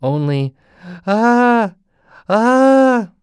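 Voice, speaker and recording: A man voicing a kind grown man who gently pleads and later gasps in terror. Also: mid-range voice, expressive, slow, clear, resonant tone, no room sound, studio quality. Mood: terrified panting. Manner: pleading, then panting and gasping.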